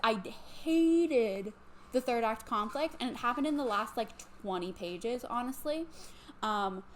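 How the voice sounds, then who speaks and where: Here a young woman in her twenties who's had a bit of wine rambles happily through a chatty book review from home, constantly cutting herself off and restarting, with plenty of likes and ums. Her fairly high voice has lively intonation, though her pace stays measured. There's slight noise in the background.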